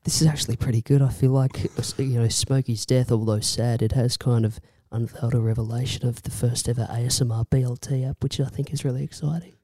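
A man's voice: mid-range voice, fairly even intonation, fast talker, hardly any pauses, mellow, no room sound. A man co-hosting a podcast in casual chat, playful and jokey as he asks questions. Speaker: podcast co-host.

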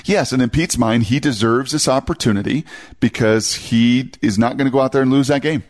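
A man talking football on a sports radio show, animated and quick, who now and then mimics fans in a high voice. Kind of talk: casual sports talk.

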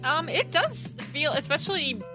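A woman working as producer on a radio show, answering back in casual banter with quick comebacks. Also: high-pitched, very animated, over music. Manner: laughing, quick defensive comebacks.

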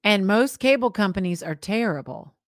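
A woman's voice: medium pitch, expressive, moderate pace, dry recording, studio quality. A woman co-hosting a podcast, listening and reacting with short exclamations in casual chat. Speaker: podcast co-host.

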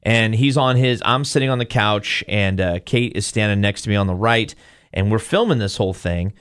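A man's voice: on the low side, normal speed, smooth, dry recording, clean studio sound. A male podcast host retells a story casually, acting out quotes as he goes. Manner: animated retelling, acts out quotes.

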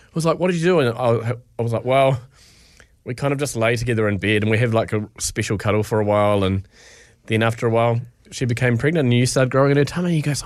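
A man's voice: medium pitch, brisk, no echo, studio quality. A man in his thirties, a podcast co-host telling a funny family story and acting out the voices. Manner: animated, acts out voices in his anecdotes. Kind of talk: casual storytelling chat.

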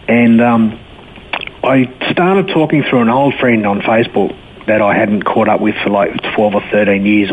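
A middle-aged man telling his life story to an interviewer, blunt and animated, acting out the people he quotes. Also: fairly low pitch, a little hiss or hum. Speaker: guest. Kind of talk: personal testimony in an interview. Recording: tinny phone-line sound.

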